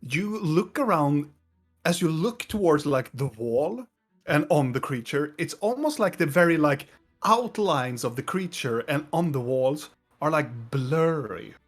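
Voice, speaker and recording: A man narrating as game master of a tabletop game, describing the scene in a halting way with many fillers. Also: a little high, animated, soft background music.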